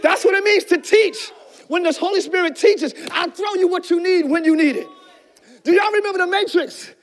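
A male pastor preaching a sermon with fervent energy, often shouting and calling out to the congregation. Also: very high-pitched, normal speed.

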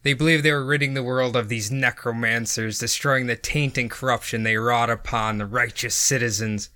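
A man's voice: medium pitch, fairly even intonation, moderate pace, sharp tone. A young man hosting a podcast, chatting casually and laughing often as he tells a story. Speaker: podcast host. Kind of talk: casual chat and story narration.

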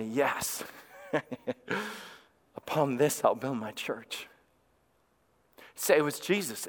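A man preaching a sermon as pastor, emphatic, dropping low and quiet when he reads scripture. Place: church sanctuary. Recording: reverberant church hall.

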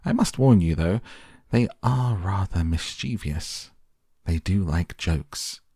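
A man voicing an excitable, eccentric male chocolate maker in a storybook reading, with a fussy, pleading manner. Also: sits low, slow, slightly rough, dry recording, studio quality, full character voice. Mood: cheerful.

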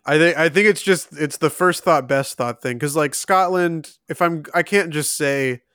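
A young man co-hosting a casual trivia contest, reading questions aloud and thinking out loud between laughs. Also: fairly high pitch, moderate pace, clean tone, dry recording, studio quality.

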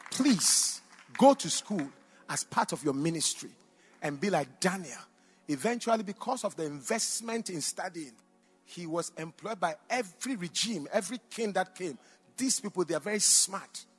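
A man, a pastor and doctor, preaching a sermon with personal stories, swinging between loud exclamations and quiet asides, in a church hall. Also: high-pitched, expressive, moderate pace, breathy edge, faint music behind. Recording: long reverb in a large hall.

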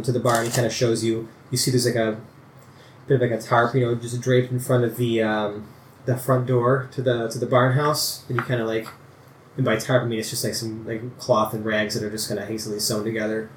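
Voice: mid-range voice, darkish tone, a little hiss or hum. Director de juego relajado, sala con eco. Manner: loose, filler-heavy narration. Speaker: game master. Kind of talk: narrating a tabletop game. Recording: echoey room.

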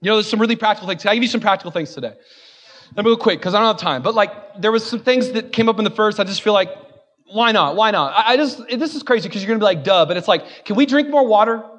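A man with a high voice preaches a sermon in a church. He jokes at his own expense and laughs often, then builds to loud, fervent declarations. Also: fast. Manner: self-deprecating, joking, laughing often. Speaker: guest preacher.

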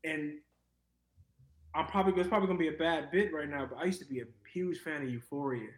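A man's voice: fairly high pitch, quick pace. Laid-back young man in a roomy space. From Cleveland, US. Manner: laid-back, rambling, lots of fillers. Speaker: actor guest. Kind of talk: casual interview chat.

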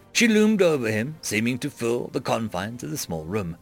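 A man narrating a fantasy story in a dramatic, expressive reading. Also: mid-range voice, moderate pace, gravelly, few pauses, faint music behind.

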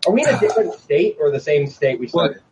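A man playing in a tabletop game, joking around in an animated way. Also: a little high, quick pace. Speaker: player. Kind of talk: casual tabletop play. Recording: distant dull call audio with faint hiss.

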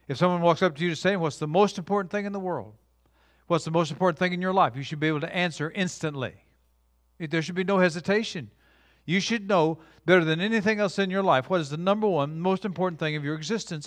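A man's voice: sits high, no room sound. Emphatic preaching man, dry sound. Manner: emphatic preaching with dramatic shifts between loud and soft; engages audience with call-and-response. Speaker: pastor. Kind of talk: sermon.

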